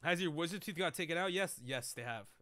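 A man's voice: on the high side, quick pace, no echo. A young man streaming, telling stories to his chat in a casual, profane, joking way. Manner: profane, joking, animated storytelling.

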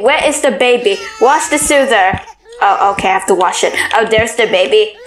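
A woman giving casual let's play commentary, excitable, squealing and scolding the baby in the game. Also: fairly high pitch, normal speed, a little hiss or hum. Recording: roomy echo.

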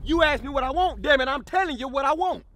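A man acting out a comedy sketch, loud, pushy and quick to shout. His voice sits high and swings widely in pitch. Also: lively intonation, a little hiss or hum.

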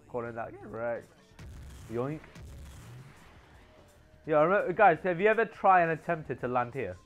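A man giving excitable live commentary on his game stream, yelling and laughing as he teases other players. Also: a little high, normal speed, long pauses, muffled recording, soft background music.

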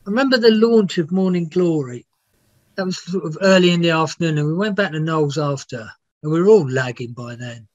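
A man's voice: on the high side, brisk, dry recording. A man, a music biographer, telling rambling, laughing anecdotes with some swearing in a casual interview. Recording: dull, dry lo-fi sound.

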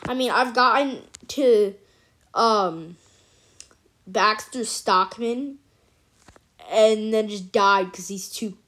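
A woman giving casual, excitable let's-play commentary as host of a gaming channel, chatty and cheering at her wins. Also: mid-range voice, takes it slowly, long pauses, slight background noise.

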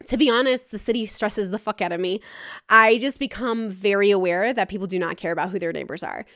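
A woman's voice: medium pitch, a little fast, fairly bright tone, no echo, clean studio sound. A woman hosting her own podcast, talking frankly and casually in a solo monologue, with some swearing. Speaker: podcast host.

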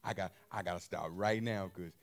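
A man's voice: low-pitched, steady tone, moderate pace, gravelly. A man preaching a sermon in loose, colloquial speech, firing emphatic rhetorical questions at his congregation.

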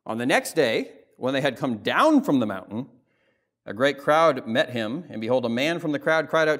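A male pastor preaches in a church, with a voice of middling pitch. He moves between reading scripture and casual explanation, peppering it with "right?" and "like." The delivery is conversational rather than formal. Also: expressive, moderate pace, a bit bright. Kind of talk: sermon. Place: church sanctuary.

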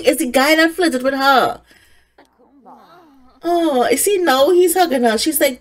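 A young woman giving casual, excitable let's-play commentary, scolding the characters on screen and often laughing. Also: high-pitched, unhurried, pauses often. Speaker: gaming content creator.

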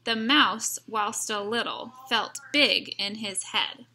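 A woman reading a rhyming picture book aloud, gently, pausing to comment to her listeners. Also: on the high side, a little hiss or hum. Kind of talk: rhyming read-aloud narration with asides.

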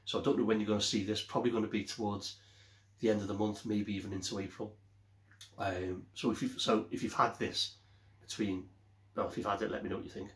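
A man's voice: on the low side, flat delivery, fairly quick, fairly bright tone. A man casually reviewing a beer on his vlog, rambling and often correcting himself. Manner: rambling, self-correcting, chatty. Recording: echoey room.

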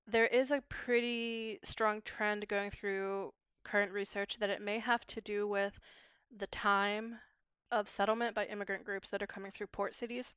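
Smooth-voiced woman explaining linguistics. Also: mid-range voice, a bit bright, no echo. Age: young adult. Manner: measured, academic explaining. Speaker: guest linguist. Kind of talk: explanatory podcast talk.

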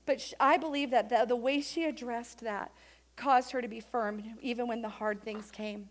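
A woman pastor preaching a sermon in a church, animated and acting out the voices of the people in her story. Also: fairly high pitch, moderate pace. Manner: animated, acts out quoted voices of Mary and others.

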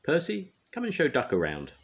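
A grandad doing the booming, pompous Fat Controller. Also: male voice, wildly swooping pitch, normal speed, lo-fi sound. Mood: cheerful. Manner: booming, commanding. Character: pompous stout railway boss, stern but fond.

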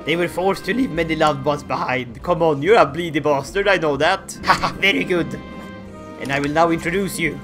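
High-voiced excitable man gaming. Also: moderate pace, soft background music. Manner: excitable, theatrical outbursts and laughter. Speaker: gaming YouTuber. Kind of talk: Let's Play commentary.

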